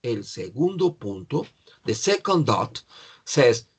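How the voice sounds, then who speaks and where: Slow, patient man teaching grammar. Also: medium pitch, sing-song, slightly rough. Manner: slow, patient explaining with repetition. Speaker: English teacher.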